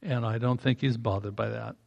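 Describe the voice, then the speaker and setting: A man's voice: mid-range voice, steady tone, brisk, gravelly, a little mellow, dull audio. A man preaching a sermon in a conversational way, breaking into emphatic rising bursts.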